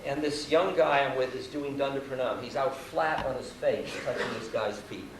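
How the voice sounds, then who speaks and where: A man's voice: mid-range voice, moderate pace. A man, telling a wry, self-mocking story to an audience at a university hall. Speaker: spiritual teacher. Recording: roomy live hall recording from far off, noisy.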